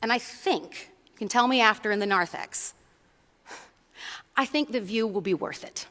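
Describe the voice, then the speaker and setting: A woman's voice: medium pitch, normal speed, a bit bright, big-room sound. A woman preacher giving a conversational sermon in a church. She tells a story and often checks in with the congregation.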